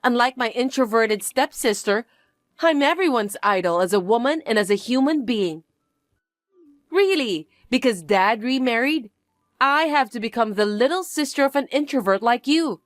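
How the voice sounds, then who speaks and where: A woman voices a bratty, vain young stepsister in a dramatized story, sounding haughty, demanding and condescending toward everyone. Her voice is fairly high, animated, at normal speed and close to an everyday voice, recorded clean in a studio with no echo.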